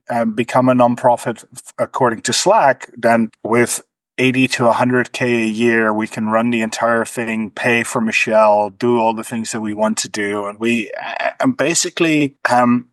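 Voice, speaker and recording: A man's voice: medium pitch, fairly bright tone, dry recording. A man speaking as an interview guest, thoughtful, with frequent restarts and a dry sarcastic streak. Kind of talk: conversational interview.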